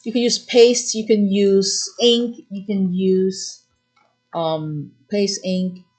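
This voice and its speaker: A middle-aged woman hosting a live craft-supply demo, explaining products in quick, chatty bursts with fillers. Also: mid-range voice, fairly even intonation, darkish tone. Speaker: craft shop host.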